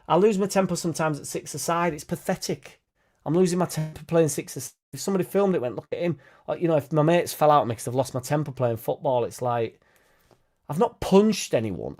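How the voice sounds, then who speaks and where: A man's voice: mid-range voice, warm tone. A young man chats casually on a live stream. He talks bluntly and swears freely, rambling from one point to the next. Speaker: football fan channel host.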